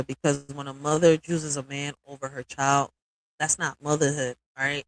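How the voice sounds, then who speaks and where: A woman's voice: low-pitched, level tone, normal speed, poor audio. A woman hosting a live stream, talking emotionally and bluntly with lots of cursing, often checking in with "all right?". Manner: emphatic, builds to forceful peaks.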